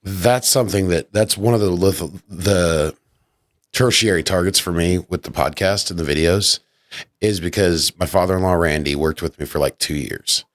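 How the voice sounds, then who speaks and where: A man hosting a casual podcast discussion, speaking deliberately and searching for his words. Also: low-pitched, dry recording, clean studio sound. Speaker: podcast host.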